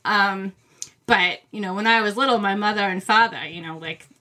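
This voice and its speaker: A woman's voice: medium pitch, normal speed, bright, forceful tone. A woman from Maine with a faint Maine accent, co-hosting a casual book podcast, giggly and rambling. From Maine, USA. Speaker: podcast co-host.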